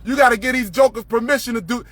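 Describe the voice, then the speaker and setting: A man's voice: extremely high pitch, fast talker, fairly bright tone, no echo. A man ranting to camera, profane and confrontational, repeating himself.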